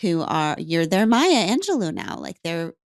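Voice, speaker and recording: A woman's voice: fairly low pitch, huge pitch swings, unhurried, creaky, no room sound, studio quality. A woman co-hosting a podcast who speaks earnestly and emphatically to her guest. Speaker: podcast co-host. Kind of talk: casual chat.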